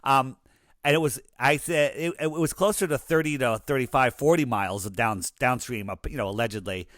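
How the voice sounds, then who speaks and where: A man talking casually as an interview guest, telling anecdotes in an animated way and acting out the dialogue he quotes. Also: mid-range voice, brisk, no room sound, clean studio sound. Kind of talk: casual conversation.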